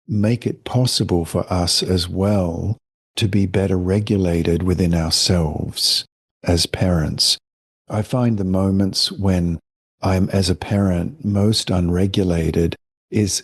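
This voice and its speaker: A middle-aged man, a family counselor, explaining his ideas in a gentle, reflective way in a podcast interview. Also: sits low, slightly rough, no echo, clean studio sound. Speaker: guest, family counselor and author.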